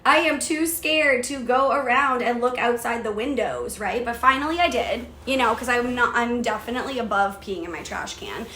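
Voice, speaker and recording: A young woman on her own podcast tells a story casually, full of swearing and acted-out outbursts. Her voice sits a bit high and sounds bright and crisp. The room has an audible echo with a faint hiss behind her. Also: moderate pace, few pauses. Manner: profane, animated retelling with quoted outbursts. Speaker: podcast host. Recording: echoey room with faint noise.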